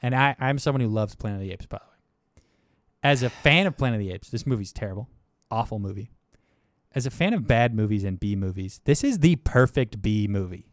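An excitable young man co-hosting a film podcast, his voice leaping from low mumbles to high, eager bursts. The sound is close and dry, with no room around it. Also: brisk, dry recording. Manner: enthusiastic, animated, swings between mumbled asides and excited bursts. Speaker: podcast co-host. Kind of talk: casual film review chat.

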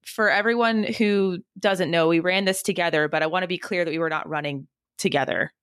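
Candid woman podcast host, slightly low. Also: brisk, dry recording, studio quality. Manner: candid, animated storyteller who laughs often. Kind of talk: casual chat.

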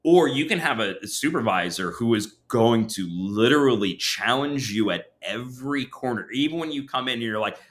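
A man's voice: mid-range voice, normal speed, few pauses. A middle-aged man telling candid stories as a guest on a casual podcast chat, with many restarts. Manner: candid, animated storyteller with frequent restarts. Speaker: counselor supervisor, podcast guest.

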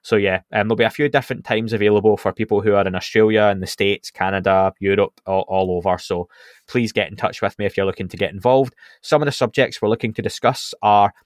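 This podcast host is a man whose voice sits on the lower side, chatting his way loosely through show updates. He's relaxed and talkative, full of fillers and false starts, recorded at studio quality without any echo.

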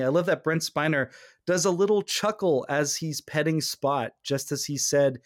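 A man hosting a podcast in casual, animated conversation, his voice sitting a touch higher than most men's. He now and then acts out quoted lines as he talks. The sound is dry and close, with no room around it. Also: normal speed, no room sound. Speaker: podcast host.

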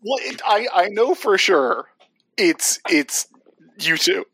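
Gravelly podcast host, hesitant. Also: male voice, sits high, lively intonation, takes it slowly, pushed and bright, rough recording. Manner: hesitant, stumbling starts. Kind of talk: casual chat.

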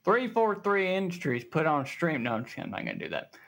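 A man's voice: on the high side, fast, creaky. Joking Southern man on a gaming podcast. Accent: Southern American. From American South. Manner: relaxed, joking, reads news aloud with fillers. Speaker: podcast co-host. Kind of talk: casual gaming podcast chat.

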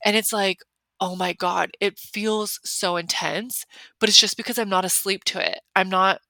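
Speaking at a moderate pace with fairly even intonation, this young woman has a medium-pitched, sharp-toned voice on a dry recording. She's a solo podcast host, chatting casually and emphatically, leaning on "like" and other fillers constantly.

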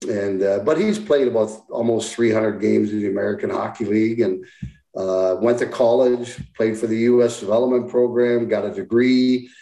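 A man in his sixties speaks as an interview guest, plain-spoken and reflective with frequent restarts. His low voice sounds dark and mellow, and the recording rings with room echo. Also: normal speed. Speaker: interview guest, former hockey player. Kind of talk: casual interview talk.

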